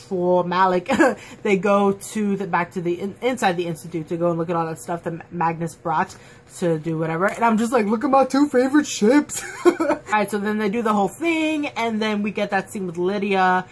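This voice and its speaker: A woman in a casual fan review, chatting at home in an excitable, gushing way full of fillers. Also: medium pitch, normal speed, a little hiss or hum. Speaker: TV episode reviewer. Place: at home, dog nearby.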